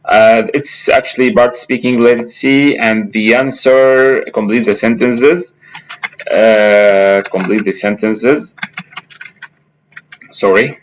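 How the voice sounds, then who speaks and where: Slow, halting man with many fillers. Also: mid-range voice, fairly even intonation, muffled recording. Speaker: instructor. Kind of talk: screen-recorded software tutorial.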